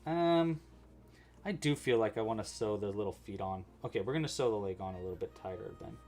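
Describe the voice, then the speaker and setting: A man's voice: on the low side, a little fast, a little mellow. A man hosting a casual crochet-along livestream, chatty and thinking aloud as he works.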